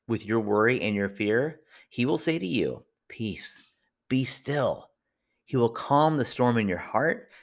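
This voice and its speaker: A man hosting a devotional podcast, speaking earnestly and encouragingly straight to the listener. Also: on the low side. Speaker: podcast host.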